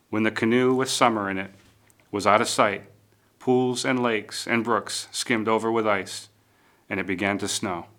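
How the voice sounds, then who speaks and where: A man narrating a storybook tale in a measured, lively read-aloud manner. His voice sits low but has a bright, forceful edge.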